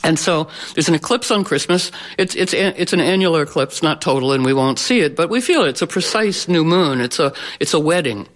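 Astrologer, male, a touch high-pitched; rambly, playful, restarts a lot, talking loosely to a live room. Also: expressive, a little fast, hardly any pauses, fairly bright tone. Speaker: astrologer giving a talk. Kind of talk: informal talk to a live audience.

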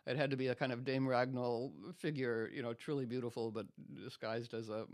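Brief: male guest storyteller, animated, casual restarts, mid pitch, dry close mic. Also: fairly quick, no room sound.

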